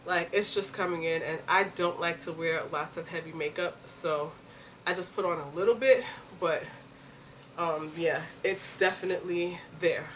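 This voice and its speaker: A young woman in a casual, chatty home vlog, animated, laughing easily and filling pauses with likes and ums. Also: on the low side, far from the mic, a little hiss or hum. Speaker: vlogger. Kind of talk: casual pregnancy update vlog.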